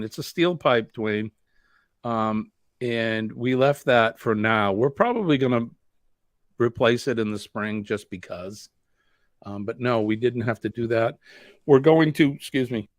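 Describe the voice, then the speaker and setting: A man's voice: on the low side, no room sound, studio quality. A man from New England with a Boston accent, hosting a live stream, chatting in a rambling way and answering viewer comments. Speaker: host.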